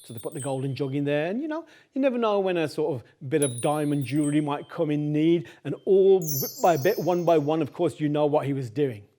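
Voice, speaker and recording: A man telling a folk tale aloud in a chatty, animated way, talking straight to his listeners and repeating phrases for rhythm. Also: on the high side, a little fast, few pauses. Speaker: storyteller. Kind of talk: oral folk-tale storytelling.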